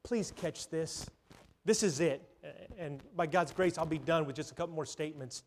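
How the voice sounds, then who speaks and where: High-voiced man preaching a sermon. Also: a little hiss or hum. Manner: storytelling, swings from loud to hushed, dramatic pauses.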